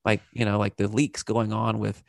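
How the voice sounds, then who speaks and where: A man's voice: on the low side, little pitch movement, moderate pace, creaky, no echo, studio quality. A man hosting a podcast in casual chat, rambling and swearing freely. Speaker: podcast host.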